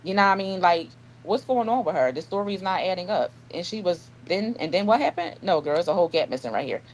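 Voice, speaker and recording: A woman author, chatting in a casual interview. Her voice sits on the low side, and she tells stories with lots of energy, acting out the other people's lines. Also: fast talker, a little hiss or hum, poor audio. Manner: animated storyteller, acts out dialogue. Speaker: author guest.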